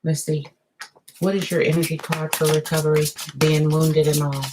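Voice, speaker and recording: A woman with a notably low voice gives a live tarot reading to her viewers. She talks in a chatty, drawn-out way, wandering into asides as she turns each card. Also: flat delivery, noisy background. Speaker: tarot reader.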